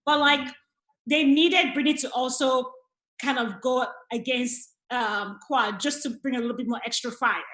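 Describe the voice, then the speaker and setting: A woman on a reality TV recap panel, talking in animated, casual chat and repeating words when excited. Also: high-pitched, normal speed, roomy sound, poor audio.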